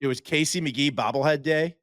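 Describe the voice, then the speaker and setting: A young man co-hosting a casual sports chat, an excitable and animated storyteller. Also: a little high, fairly quick, dry recording, clean studio sound. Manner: excitable, animated storyteller who slips into impressions. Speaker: co-host.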